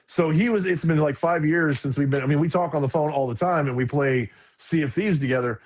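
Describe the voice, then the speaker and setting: Animated middle-aged man telling a story. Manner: animated storyteller, quick pitch jumps. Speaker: podcast co-host. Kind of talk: casual chat.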